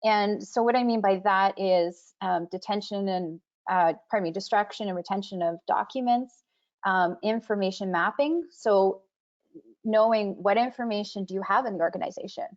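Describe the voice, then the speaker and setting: Over muffled video call audio, a woman with a mid-range voice speaks at normal speed on a webinar panel. She discusses records and privacy conversationally, using many fillers and restarting often.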